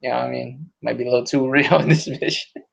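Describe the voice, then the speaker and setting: Gravelly man rambling on a podcast. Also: mid-range voice, fairly even intonation, fast talker. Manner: rambling, profane, many restarts. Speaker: podcast host. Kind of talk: casual podcast chat. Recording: dull lo-fi audio.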